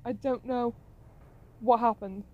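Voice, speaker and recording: Give me an excitable, sweary woman. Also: a little high, slow pace, dull audio. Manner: excitable, sweary, retells her own panic. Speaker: gameplay commentator. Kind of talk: voice-over narration of gameplay footage.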